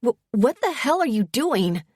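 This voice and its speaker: A woman voicing an anxious young gallery owner who speaks in a flustered, hurried, pleading way. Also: on the low side, no echo, clean studio sound. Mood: frightened.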